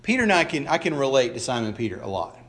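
A man's voice: mid-range voice, sing-song, quick pace, fairly bright tone. A male pastor preaching a sermon in a conversational way, often restarting phrases and acting out the quoted lines of the people he talks about. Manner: acts out quoted lines in voices.

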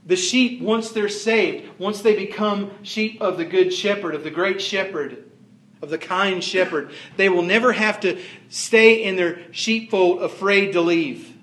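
High-voiced man preaching in an echoey room. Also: measured pace, fairly bright tone. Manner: emphatic, repetitive preaching with rising and falling force. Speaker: pastor. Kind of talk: sermon.

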